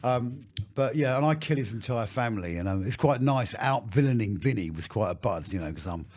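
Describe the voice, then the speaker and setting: A man's voice: mid-range voice, lively intonation, brisk, darkish tone. A man in his fifties, an actor and director, telling anecdotes in a casual interview and swearing freely. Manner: swears freely, tells anecdotes with put-on voices. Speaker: actor and director, podcast guest.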